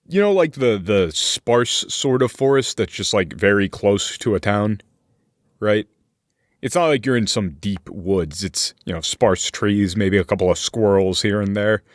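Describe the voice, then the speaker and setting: A man running a tabletop game as game master, narrating slowly with fillers and restarts. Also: on the low side, no echo, clean studio sound. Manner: slow, hesitant narration with many fillers.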